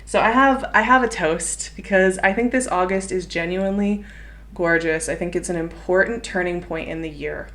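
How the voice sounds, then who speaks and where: Young woman, slightly low voice, gentle encouraging tarot reader, earnest, talks to viewers directly. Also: normal speed. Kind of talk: intuitive tarot reading monologue.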